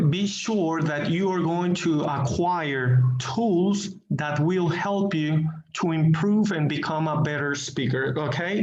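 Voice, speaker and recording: A native Spanish speaker teaches an online English class, speaking slowly and deliberately in a slightly high voice and repeating words as he searches for them. The class audio sounds echoey and dull.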